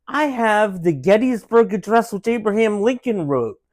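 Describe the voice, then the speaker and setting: A parent at home chatting with children in an animated, sing-song voice. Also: medium pitch, a little slow. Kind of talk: casual family chat. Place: family home.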